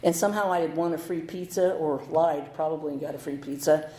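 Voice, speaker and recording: A woman's voice: deep voice, fairly even intonation, brisk, mellow, echoey room, low-quality recording. A middle-aged American woman candidly telling her recovery story at a meeting, with wry humor. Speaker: speaker sharing her story. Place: meeting hall.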